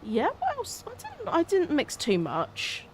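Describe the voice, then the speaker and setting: A woman's voice: very high voice, huge pitch swings, a little slow, slight background noise. Friendly woman on a stream. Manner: friendly, thanks viewers, describes cocktails. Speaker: co-host of a farming game livestream. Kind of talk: casual live-stream chat.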